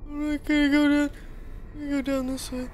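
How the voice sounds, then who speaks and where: A woman playing a horror game, jumpy and shrieking in panic, then muttering quietly between scares. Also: sits high, level tone, fairly quick, a little hiss or hum, rough recording. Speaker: gamer. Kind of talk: horror game let's-play commentary. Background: game music.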